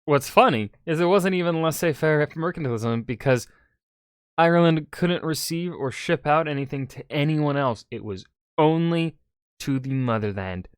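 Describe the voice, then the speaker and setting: A man's voice: fairly high pitch, animated, normal speed, clean tone, dry recording. A man, a historian, reacting to a history video with dry, wry explanatory comments.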